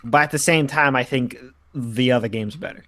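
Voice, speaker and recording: A man co-hosting a casual podcast chat, talking haltingly and restarting his sentences. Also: medium pitch, a bit bright. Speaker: podcast co-host.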